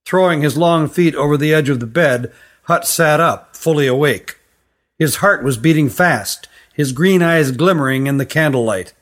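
Brief: male storyteller, fairly high voice, steady measured reading. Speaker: narrator.

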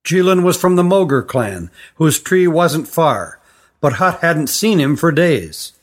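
A man's voice: fairly high pitch, very animated, a little slow. Man reading a storybook aloud. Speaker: narrator.

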